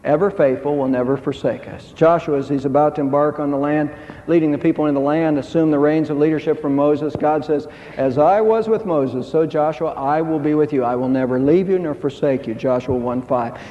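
A man's voice: fairly high pitch, fairly quick, warm tone. A man preaching a sermon as pastor, emphatic, with his voice rising on key phrases. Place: church sanctuary. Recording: dull sound with long hall reverb.

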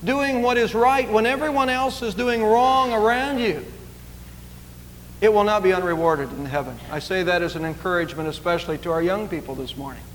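Male pastor, high voice, emphatic sermon delivery, church reverb. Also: brisk, a little hiss or hum. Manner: earnest, emphatic preaching with repetitions. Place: church sanctuary.

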